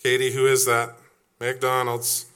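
Guy preaching slow n forceful, asks the crowd questions, does little voices. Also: medium pitch, completely flat delivery, clean tone. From Canada. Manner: quizzes the congregation, acts out quoted voices. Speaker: pastor. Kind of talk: sermon.

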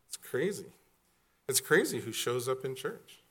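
A man's voice: medium pitch, very animated, normal speed, fairly bright tone, breathy edge. A middle-aged man preaching a sermon as a pastor, conversational and jokey, sometimes acting out other people's voices.

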